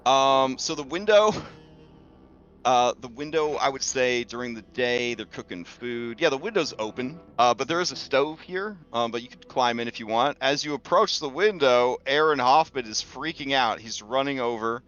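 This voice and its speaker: A man acts as game master for a tabletop game, narrating in a lively way with many fillers and restarts. His voice is medium-pitched at a moderate pace, and the sound is lo-fi.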